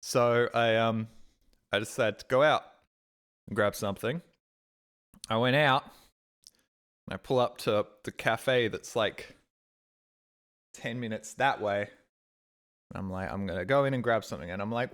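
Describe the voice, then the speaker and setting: A man streaming a game, telling rambling everyday stories and acting out his own exasperated reactions in a sudden higher voice. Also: moderate pace, a bit bright. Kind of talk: casual stream chat, storytelling.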